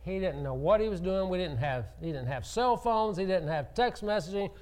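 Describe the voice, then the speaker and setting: Earnest preacher man, slightly high voice. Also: expressive, normal speed, darkish tone. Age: adult with children. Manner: earnest, rises and falls for emphasis, acts out quoted speech. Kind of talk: sermon.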